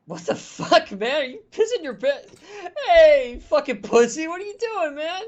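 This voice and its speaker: A game master voicing a cocky teenage delinquent in a letterman jacket who taunts and yells insults. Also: high-pitched, big pitch swings, moderate pace, highs cut off, pitched above the performer's own voice. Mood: taunting. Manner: taunting, yelling, swearing.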